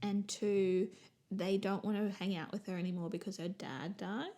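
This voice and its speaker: A woman co-hosting a casual movie review chat, telling stories in an animated way and teasing playfully. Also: mid-range voice, normal speed. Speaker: podcast co-host.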